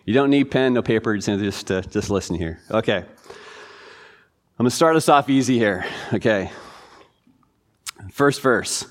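A man's voice: on the low side, lively intonation, unhurried, pauses often. Laid-back guy teaching bible class, quizzing folks, easygoing church talk. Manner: informal, chatty, quizzing the audience. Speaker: pastor.

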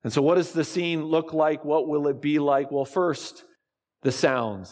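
Male pastor, sermon, unhurried delivery, slightly raised pitch, long hall reverb. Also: steady tone, darkish tone. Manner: slow, deliberate preaching with dramatic pauses.

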